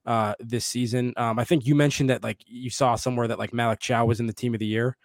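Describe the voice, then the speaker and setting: A man's voice: mid-range voice, steady tone, quick pace, no echo, studio quality. A man co-hosting a football podcast, chatting casually with lots of fillers and restarts. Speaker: podcast co-host.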